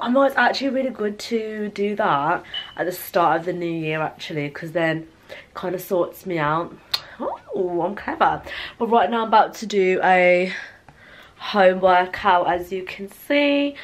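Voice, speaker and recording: A young woman, chatting casually to camera at home, rambling and playful with asides to her viewers. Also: mid-range voice. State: out of breath. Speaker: vlogger. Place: home, indoors.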